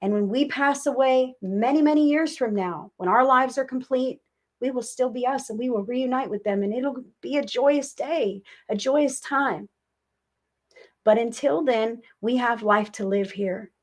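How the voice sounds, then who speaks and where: A woman hosting a live psychic reading stream, talking to viewers in a warm, soothing, reassuring way and often repeating herself. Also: fairly high pitch, unhurried. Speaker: psychic medium livestream host.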